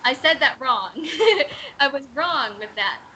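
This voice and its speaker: High, bright-voiced woman teaching slowly. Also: expressive, slight background noise, low-quality recording. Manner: hesitant, self-correcting, laughs at herself. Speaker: English teacher. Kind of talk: online reading class. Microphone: video call.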